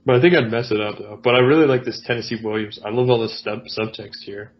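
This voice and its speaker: A man's voice: medium pitch, fast, lo-fi sound. A man co-hosting a podcast in casual chat, rambling and self-mocking. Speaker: podcast co-host.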